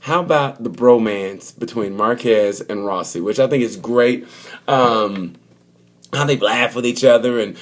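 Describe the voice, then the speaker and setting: A man talks casually straight to the camera and mixes his opinions with jokes. His voice sits at an ordinary middle pitch. He rambles and acts out little quotes as he goes. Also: a bit bright. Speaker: motorsport vlogger. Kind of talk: casual comedic race review.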